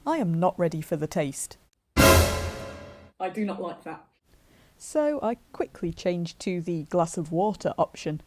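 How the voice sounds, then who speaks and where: Woman vlogger, wry and self-mocking, warm mellow voice, faint music behind. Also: on the low side, expressive, normal speed. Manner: self-deprecating, dry humour. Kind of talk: casual instructional vlog.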